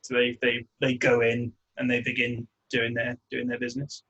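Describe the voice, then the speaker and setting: A man narrating as game master of a tabletop game, relaxed and hesitant with many fillers. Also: medium pitch, normal speed, slightly rough, lo-fi sound.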